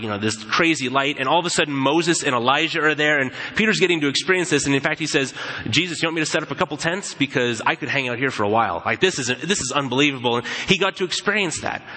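A man's voice: fairly high pitch, pushed and bright. A man preaching a sermon in a casual, conversational way, telling stories and acting out quoted voices as he goes. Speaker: pastor. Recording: long hall reverb.

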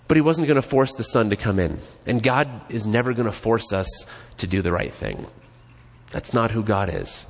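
A man's voice: on the low side, normal speed. Man preaching in a reverberant church. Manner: casual, joking, animated. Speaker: pastor. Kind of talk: conversational sermon. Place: church sanctuary. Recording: long reverb in a church hall.

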